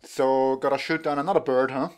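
A man's voice: mid-range voice, steady tone, fairly quick, clear, resonant tone. A young man in casual reaction commentary who laughs often and makes light teasing remarks. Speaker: anime reaction host.

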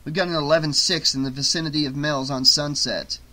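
A man doing a deadpan no-nonsense cop. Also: on the high side, a little fast. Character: dry, no-nonsense male police officer.

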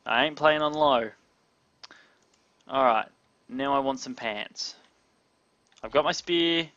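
A young man giving live gameplay commentary, excitable, talking to his chat and yelping when startled. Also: medium pitch, slow, no room sound, highs cut off. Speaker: gamer streaming live.

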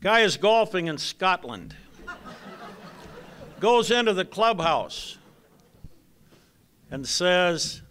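Slow, deadpan older man telling jokes. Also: sits high, clean tone. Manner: dry, deadpan joke telling. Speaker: retired basketball coach giving an induction speech. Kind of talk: after-dinner speech with jokes.

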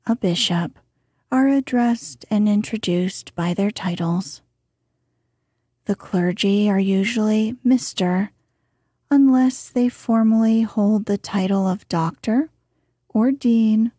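A woman narrating a bedtime story in a soft, hushed voice that at times drops to a whisper. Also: medium pitch, breathy edge, no room sound, studio quality. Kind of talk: slow soothing bedtime reading.

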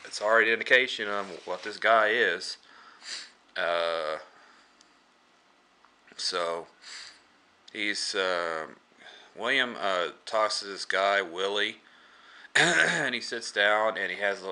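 A man casually retelling a movie's plot for a review, rambling with many fillers and restarts and often clearing his throat. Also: deep voice, pushed and bright.

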